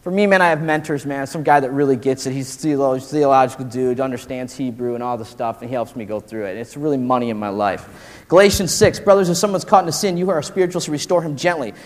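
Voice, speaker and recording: A man in his forties preaching a casual, slangy sermon to college students, animated and full of "dude" and "man". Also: mid-range voice, fast. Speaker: pastor. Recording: long hall reverb.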